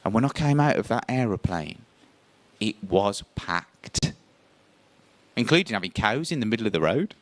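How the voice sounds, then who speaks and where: A man telling a first-person story on stage, lively and theatrical, his voice rising sharply when he acts out tense moments. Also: on the low side, moderate pace, no echo. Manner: animated, voice jumps up when acting out scenes.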